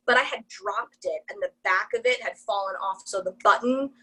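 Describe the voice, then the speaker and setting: A young woman, a new mom, guest on a casual podcast, telling stories in an animated way with lots of fillers and laughter. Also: medium pitch, moderate pace, slight background noise, rough recording. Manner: animated storytelling, many "like" fillers, laughs often.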